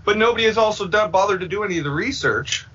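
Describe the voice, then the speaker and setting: Lively rambling man, lo-fi sound. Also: high voice, fast, breathy edge. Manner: rambling, acts out quoted voices. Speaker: filmmaker guest. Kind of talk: casual podcast chat. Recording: dull lo-fi sound.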